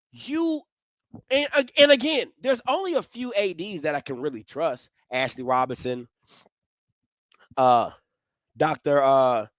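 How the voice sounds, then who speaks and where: A man hosting a live sports talk stream, swinging from low musing to loud, animated ranting. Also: dry recording. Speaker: sports commentary host.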